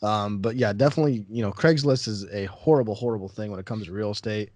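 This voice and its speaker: A man hosting a podcast as a real estate broker, telling stories in casual chat and getting animated as he acts out the people in them. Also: quick pace, dry recording. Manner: animated storyteller, acts out callers and rises in pitch when worked up.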